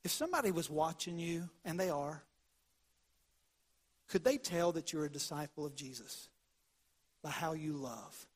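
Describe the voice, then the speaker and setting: A man with a high-pitched voice preaches a sermon as the congregation's pastor. He tells homespun stories and drops into hushed tones for the key points. His delivery swings between loud bursts and quiet moments. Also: expressive, normal speed, pauses often, breathy edge.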